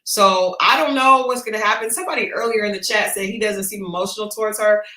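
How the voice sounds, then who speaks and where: A woman's voice: medium pitch, fast talker, echoey room. A woman co-hosting a livestreamed chat show, giving blunt, gossipy commentary on a reality dating series. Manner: blunt, gossipy, animated retelling. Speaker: podcast co-host. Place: home studio for a livestream.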